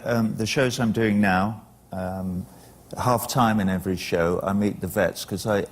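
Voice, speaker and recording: An older man with a very deep, gravelly voice, speaking as a talk show guest. He answers in a measured, thoughtful way with dry humor. A faint hiss runs under his speech. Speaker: musician guest. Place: television studio.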